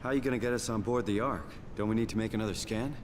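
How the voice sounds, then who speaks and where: A man's voice: fairly low pitch, fairly even intonation, very fast, close to an everyday voice. An actor voicing an earnest, plainspoken male survivor in a video game, recorded with gameplay noise behind him.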